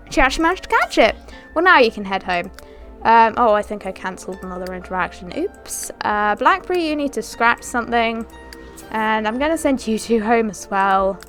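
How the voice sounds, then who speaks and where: Lively chatty young woman gamer. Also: a little high. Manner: chatty, giggly, talks to the characters. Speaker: gaming channel host. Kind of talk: casual let's-play commentary.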